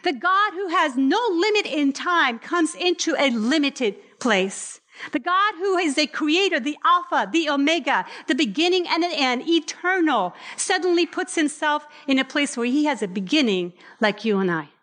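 A woman preaching a sermon, expressive, slowing down for scripture readings. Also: high voice. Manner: expressive, varies pace, slows for scripture readings.

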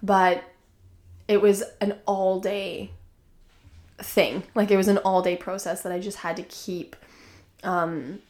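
A woman's voice: medium pitch, little pitch movement, slow, pauses often, darkish tone. A woman hosting a podcast, telling a personal story in a chatty, casual way with many fillers. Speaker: podcast host.

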